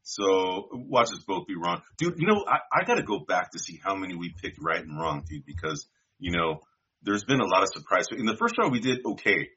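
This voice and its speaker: A man with a husky, somewhat low voice talks through draft picks in a loose, rambling way, tossing in dude and bro. His delivery is bright and forceful. The recording sounds dull and lo-fi. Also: very animated, brisk. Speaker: podcast co-host. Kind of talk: casual draft-pick chat.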